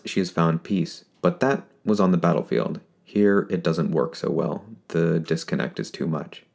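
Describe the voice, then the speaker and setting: Deep, gravelly male story narrator. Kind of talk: scripted fiction narration.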